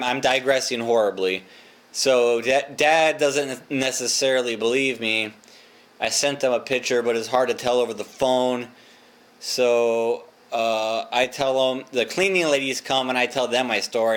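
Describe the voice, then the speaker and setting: A young man tells a long story in a loose, rambling way, swearing freely and poking fun at himself. His voice sits at an ordinary mid pitch, and the talk is casual vlog chat. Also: a bit bright. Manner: rambling, profane, self-mocking. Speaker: vlogger.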